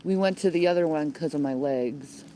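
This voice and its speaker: A woman's voice: low-pitched, moderate pace, dark tone, slight background noise. A woman speaks into her phone from the shelter of a building's overhang outdoors. She rants in a rambling, combative way, loading her talk with swear words and repeating phrases as she goes. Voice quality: heavy swearing, blunt and combative. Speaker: livestreamer. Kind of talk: homeless livestream rant. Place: outdoors under a building in the cold. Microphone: phone held by the speaker.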